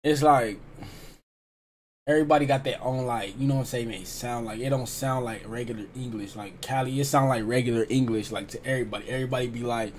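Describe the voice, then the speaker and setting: A man's voice: medium pitch, fast talker, a little hiss or hum. A man giving casual, rambling commentary on a rap track, with a Californian accent and lots of slang and filler. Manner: rambling, slangy, repeats "like" and "you know what I'm saying". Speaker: reaction host. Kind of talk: casual music reaction commentary.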